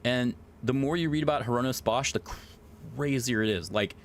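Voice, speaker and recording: A man streaming live, chatting casually in an excitable, rambling way and swearing a lot. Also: medium pitch, fairly quick, slight background noise.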